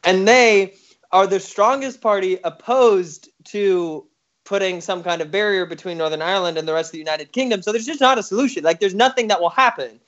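A man with a notably high voice rambles through politics in loose, casual chat. He swears freely and jokes as he goes. The recording sounds a little dull and lo-fi. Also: brisk, fairly bright tone. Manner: rambling, profane, joking.

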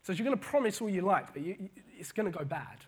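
A man preaching a casual sermon, animated, often repeating words and paraphrasing scripture. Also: sits high, fast, husky.

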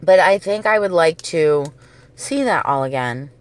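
A woman's voice: deep voice, expressive, unhurried, no room sound. A woman telling stories in a casual, profane, rambling way, going off on tangents. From New England. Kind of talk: casual storytelling monologue.

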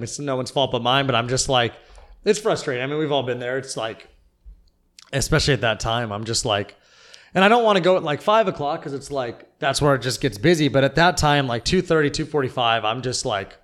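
Fast-rambling young man venting. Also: mid-range voice, fairly bright tone. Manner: rambling, venting with lots of fillers. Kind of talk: casual chat.

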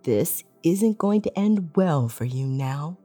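A cold, mocking male villain taunts in a low, mellow voice, as a woman narrator puts him on. He sneers his threats with quiet menace in this storybook reading, faint music under him. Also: expressive, takes it slowly, heavily acted. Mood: menacing.

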